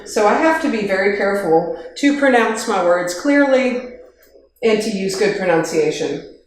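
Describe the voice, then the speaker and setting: A woman's voice: mid-range voice, expressive, normal speed, a little hiss or hum. Woman trainer, informal talk, practical, joking asides, handheld mic, very echoey kitchen. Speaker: workplace trainer. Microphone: handheld microphone.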